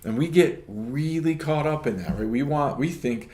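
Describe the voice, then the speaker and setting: A man's voice: on the high side, moderate pace, darkish tone. Reflective pastor man, echoey room. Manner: reflective, adds "right?" often. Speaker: pastor, co-host. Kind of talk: casual ministry podcast chat.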